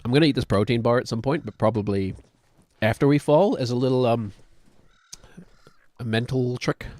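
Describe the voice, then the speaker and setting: A man in his thirties with a New Zealand accent chats loosely while streaming a game. He thinks aloud and pokes fun at himself as he wanders from thought to thought. His voice sits at an ordinary middle pitch. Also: moderate pace, a little mellow. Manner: rambling and self-deprecating, thinking aloud. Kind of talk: casual gaming commentary.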